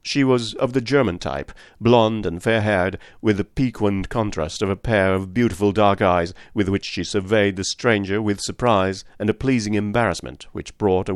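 A low-pitched man narrates a classic novel at a measured storytelling pace. The recording is close and very dry, with no room reverb. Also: clean tone. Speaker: audiobook narrator. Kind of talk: scripted narration.

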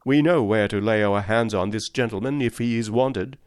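A man's voice: fairly low pitch, normal speed, no room sound, studio quality, natural voice. A man reading aloud and voicing a polite, stately male police sergeant.

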